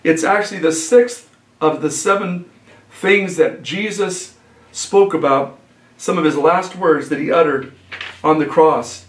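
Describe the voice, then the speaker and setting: A male pastor giving an earnest, unhurried sermon, often pausing with fillers and repeating phrases. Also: a little high, roomy sound.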